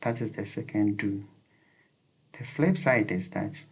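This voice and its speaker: A man's voice: lowish voice, unhurried, slightly rough, low-quality recording. A man giving earnest, repetitive advice on visa interviews, with frequent fillers. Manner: earnest, repeats key points, frequent fillers. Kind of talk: instructional talk to camera.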